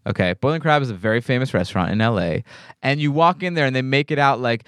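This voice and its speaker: A man's voice: medium pitch, fast talker, a bit bright, clean tone, dry recording, clean studio sound. A man hosting a podcast in casual chat, teasing his guest and playfully acting out voices. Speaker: podcast host. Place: Los Angeles area.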